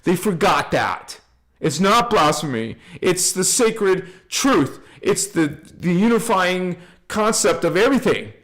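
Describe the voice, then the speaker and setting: A man's voice: high voice, sing-song, slow pace, fairly bright tone. A man giving an informal spiritual talk to viewers, emphatic and repetitive, chanting affirmations and lists of names. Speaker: spiritual channel host.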